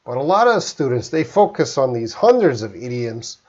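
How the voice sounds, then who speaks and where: Male English teacher from Canada, live Q&A, slow and deliberate, mid-pitched, slightly muffled stream audio. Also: very animated, darkish tone. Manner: slow, careful, reads out viewer questions. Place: home in Korea, live stream.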